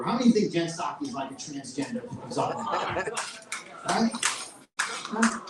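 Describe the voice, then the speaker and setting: A middle-aged man with a New York accent delivers a loud, combative speech, pushing hard on every point. His voice sits a bit high. He is picked up from a distance in an echoey room, with a crowd clearly heard around him. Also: expressive, measured pace, pauses often. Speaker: featured event speaker. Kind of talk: fiery political speech. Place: event hall with live audience.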